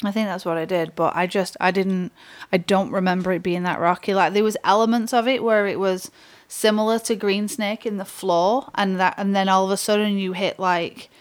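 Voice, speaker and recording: Woman, podcast co-host, chatty, laughs a lot, swears casually. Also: medium pitch. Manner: laughing, swearing, quick storytelling. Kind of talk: casual chat.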